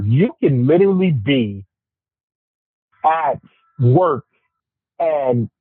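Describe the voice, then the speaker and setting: A man on a casual podcast discussion, ranting in an animated, profane way. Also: fairly high pitch, no room sound. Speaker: podcast panelist. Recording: tinny phone-like, dry sound.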